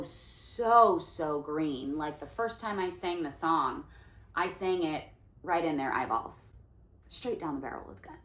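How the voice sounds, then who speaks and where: A woman in her forties, an actress and singer, telling a story in an animated way and acting out the voices of the people in it. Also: fairly low pitch. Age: 40s. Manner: animated, acts out quoted voices. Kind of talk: storytelling monologue. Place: indoor room in New York. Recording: roomy echo.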